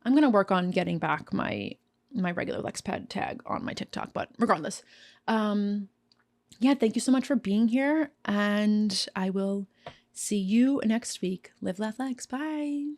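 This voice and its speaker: A woman's voice: medium pitch, animated, unhurried, darkish tone. Frank, rambling woman podcaster. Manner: rambling, self-correcting, frank and profane. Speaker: podcast host. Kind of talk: casual solo podcast monologue. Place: snowed-in home.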